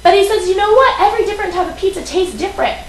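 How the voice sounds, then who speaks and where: A woman's voice: extremely high pitch, very fast, roomy sound, a little hiss or hum, poor audio. A woman hosting a live morning show, brash and teasing, acting tough. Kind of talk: casual live-show banter. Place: hotel studio.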